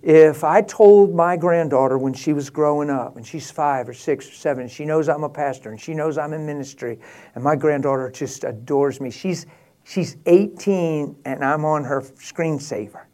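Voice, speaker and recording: A man's voice: a little high, moderate pace, mellow. An older man, a pastor, telling stories in an emphatic, candid and emotional way. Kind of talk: casual storytelling talk.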